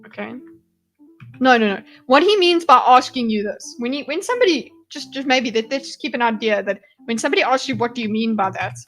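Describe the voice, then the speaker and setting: A woman's voice: a little high, animated, a little fast, soft background music. A South African woman giving casual, rambling livestream commentary, with frequent swearing and laughter. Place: home streaming setup.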